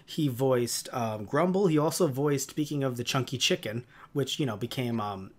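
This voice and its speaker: A man's voice: medium pitch, normal speed. A man co-hosting a podcast in casual chat, rambling through tangents with plenty of fillers. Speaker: podcast co-host.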